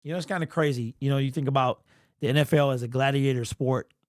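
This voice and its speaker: A man's voice: mid-range voice, fast talker, darkish tone, no room sound, clean studio sound. A young man hosting a casual livestream, rambling and slangy, emotional and sniffly. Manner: rambling, repeats and restarts, slangy. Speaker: livestream host.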